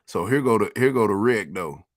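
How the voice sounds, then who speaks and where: Middle aged guy w a lowish voice, cussing a lot, easygoing street talk, dry close sound. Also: expressive, moderate pace, no room sound. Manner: profane, laid-back street talk with frequent laughs. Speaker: vlogger. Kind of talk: casual reminiscing tour of old neighborhood.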